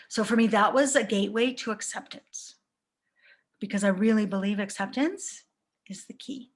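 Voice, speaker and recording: A woman's voice: fairly high pitch, moderate pace, fairly bright tone. A woman in her thirties, a life coach giving a reflective live talk to viewers and asking many rhetorical questions.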